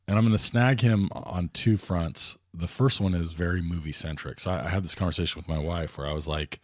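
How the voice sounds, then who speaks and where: A man with a very low voice hosts a casual movie podcast. He talks things through in long, meandering runs, doubling back and restarting his sentences. He sounds dry and close to the mic. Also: no echo. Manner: rambling, with many restarts and fillers. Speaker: podcast host.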